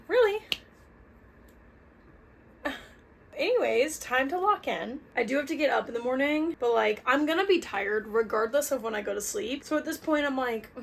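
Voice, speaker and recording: A woman's voice: on the high side, creaky, a bit bright, slight background noise. A young woman, chatting casually in a reading vlog, ranting and swearing freely. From Southern US. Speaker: book vlogger.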